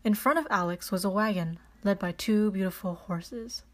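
A woman narrates a children's tale in a calm, steady read-aloud voice. Her pitch sits in the middle of the usual range. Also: normal speed. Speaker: storyteller. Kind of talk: storybook reading.

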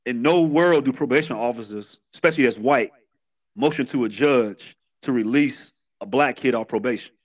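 A man's voice: medium pitch, moderate pace. Streetwise Chicago man telling his story. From Chicago, USA. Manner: streetwise, animated retelling with repeated restarts. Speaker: podcast guest. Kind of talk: candid storytelling interview.

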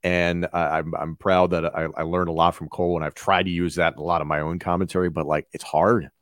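Deep-voiced man, dry close sound. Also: flat delivery, a bit bright, no room sound. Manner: reflective, measured storytelling. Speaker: wrestling broadcaster guest. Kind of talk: casual podcast conversation.

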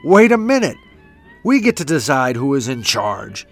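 A man's voice: medium pitch, big pitch swings, moderate pace, gravelly, faint music behind. A man voicing an eager, clever good male dog in a storybook reading.

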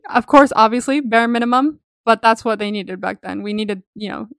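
A woman with a somewhat high voice chats through a film recap for a podcast, gushing, laughing often and swearing freely. The sound is dry and close, like a home recording setup. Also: moderate pace, gravelly, no room sound. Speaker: podcast co-host. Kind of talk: casual movie recap chat.

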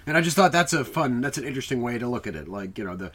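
A man's voice: medium pitch, sing-song, very fast, a bit bright. A young man co-hosting a casual podcast about films, rambling and quoting favorite movie lines. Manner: rambling, quotes movie lines in put-on voices. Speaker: podcast co-host. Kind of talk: casual film chat.

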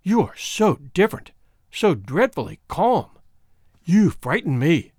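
A man's voice: fairly high pitch, sing-song, unhurried, darkish tone, slightly rough, dry recording, studio quality, heavily acted. A man voicing a frantic frightened woman. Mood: pleading. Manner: pleading, agitated.

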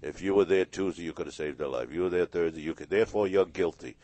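A man's voice: low-pitched, fast, a little mellow, no room sound. A man, a hypnotist guest on a radio interview, telling stories and acting out the voices in them. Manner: storytelling, acts out quoted voices. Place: radio studio.

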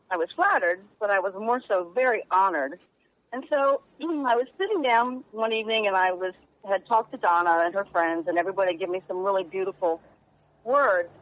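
A woman journalist speaking earnestly and emotionally as a guest in a radio interview, halting now and then. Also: fairly high pitch. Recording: tinny phone line.

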